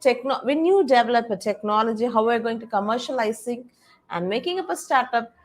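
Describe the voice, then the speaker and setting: Animated and a little fast, this woman's fairly high voice carries an online presentation for faculty and students. She is from India and speaks on an innovation policy panel, explaining step by step and often breaking off with "okay" and "all right."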